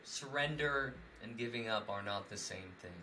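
A man's voice: fairly low pitch, normal speed, pushed and bright, a little hiss or hum. A young man in casual conversation, rambling with many fillers and frequent laughs. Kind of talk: casual chat.

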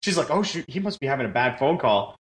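A man with a mid-pitched voice telling a funny anecdote in casual podcast chat. His pitch swings widely as he acts out the story, and he laughs as he goes. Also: sing-song, quick pace, echoey room, a loud crowd.

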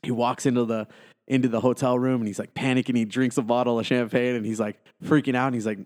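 A man's voice: medium pitch, fast. A man hosting a casual movie podcast, retelling scenes with lots of fillers and acted-out quotes. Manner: animated storyteller, acts out quotes, frequent fillers. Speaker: podcast host. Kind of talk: casual movie review chat.

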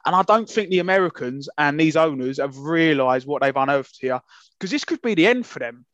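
A man's voice: a little high, lively intonation, fairly quick, fairly bright tone, no echo. A man co-hosting a casual podcast, ranting with passion and indignation and swearing freely. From England. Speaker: podcast co-host. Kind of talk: heated casual podcast rant. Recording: dull lo-fi sound, dry.

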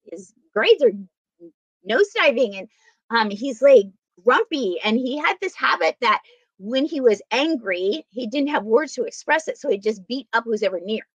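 A woman's voice: fairly high pitch, normal speed, no echo. A middle-aged woman, a guest telling personal stories and acting out the dialogue in them. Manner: animated, acts out dialogue in her stories. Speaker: guest speaker. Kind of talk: personal storytelling interview. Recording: dull, dry sound.

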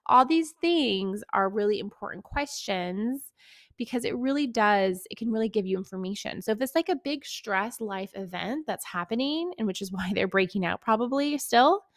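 A young adult woman hosting a podcast in a casual monologue, chatty with many "like"s, acting out her clients in quick quotes. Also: medium pitch, expressive, dry recording, clean studio sound. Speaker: podcast host, acne coach.

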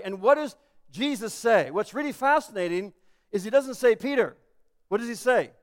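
A man's voice: high voice, lively intonation, normal speed, in a large hall. A man preaching a sermon as pastor, emphatic and full of rhetorical questions.

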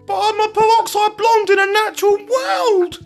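A man putting on the high falsetto voice of a vain, posh young woman. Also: normal speed, gravelly, soft background music. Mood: airy. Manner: shrill, posh, affected.

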